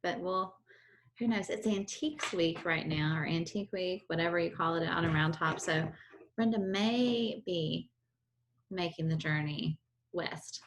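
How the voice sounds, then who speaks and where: A woman's voice: lowish voice, a little slow, a little hiss or hum. A middle-aged woman co-hosting a podcast, chatting in a playful, teasing way. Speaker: podcast co-host. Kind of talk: casual chat.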